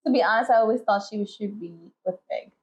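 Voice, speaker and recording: A woman's voice: mid-range voice, quick pace. A woman co-hosting a podcast in casual chat, a laid-back storyteller who swears casually. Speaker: podcast co-host. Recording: slightly muffled lo-fi audio.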